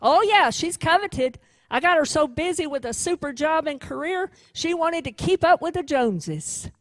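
A woman voicing a scornful male prosecutor who loudly lists charges against a sinner in a sermon. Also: high voice, expressive, normal speed, no echo, pitched above the performer's own voice. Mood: accusing. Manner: loud, accusing, listing charges.

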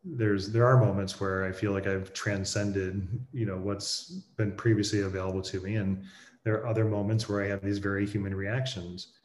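A man's voice: fairly low pitch, level tone, a little hiss or hum. Reflective man in a roomy space. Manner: thoughtful, halting, with restarts and pauses. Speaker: guest sharing a personal experience. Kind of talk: reflective conversational storytelling. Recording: roomy echo.

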